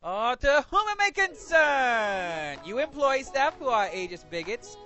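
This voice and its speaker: A man's voice: extremely high pitch, very animated, measured pace, sharp tone, faint music behind, voice pushed up, heavily acted. A man voicing a bombastic male game show host who reads an outraged letter aloud with grandiose, indignant proclamations.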